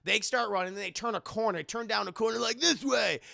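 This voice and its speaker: A man's voice: high voice, fast talker, vocal fry, dry recording, clean studio sound. A man recapping an anime episode for his live chat, swearing freely and acting out the characters as he goes. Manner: profane, animated, acts out every character. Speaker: anime reviewer.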